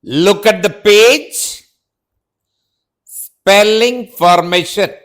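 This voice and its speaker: Male teacher with an Indian English accent, fairly high voice, very slow and deliberate, spells out words letter by letter for kids. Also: fairly bright tone. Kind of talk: spelling lesson for children.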